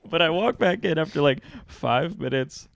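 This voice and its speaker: A man's voice: on the high side, vocal fry, no echo. A young man hosting a podcast, chatting casually and telling stories with slang, laughing often. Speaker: podcast host. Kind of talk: casual chat.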